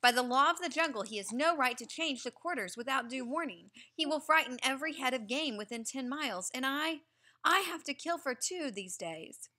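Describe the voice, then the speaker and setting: A proud father wolf bristles with indignation, as a woman reads him aloud. His words come forceful and bright-edged, full of scorn for anyone who breaks the law of the jungle. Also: sits high, animated, normal speed, pitched above the performer's own voice, exaggerated voice. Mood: angry.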